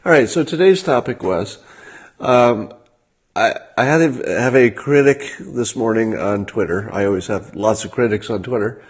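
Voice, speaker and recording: A man hosting a livestream, talking in a casual monologue with a dry, sardonic manner and frequent halting fillers. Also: on the low side, expressive, breathy edge. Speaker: livestream host.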